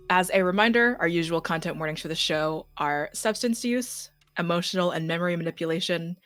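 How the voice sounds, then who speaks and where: Youngish woman running the game, low-ish voice, brisk recap reading. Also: a bit bright, no room sound. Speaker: game master.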